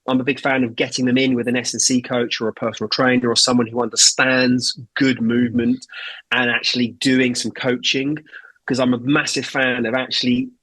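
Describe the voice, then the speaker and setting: A man's voice: mid-range voice, flat delivery, fairly quick, fairly bright tone, no echo, low-quality recording. A man, an osteopath guest, explaining his approach in a confident, emphatic way. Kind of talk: interview answer.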